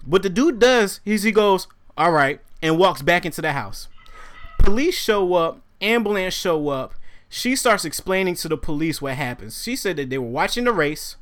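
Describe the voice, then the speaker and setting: A young man in casual podcast talk, telling a story with animated quoted voices. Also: high voice, normal speed. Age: young adult.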